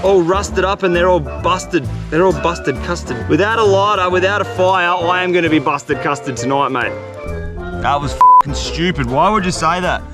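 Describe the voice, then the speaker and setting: A man vlogging outdoors on a remote island beach, excitable, laughing often and swearing at himself. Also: sits high, moderate pace, music in the background. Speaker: survival and fishing vlogger. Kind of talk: casual talk to camera outdoors.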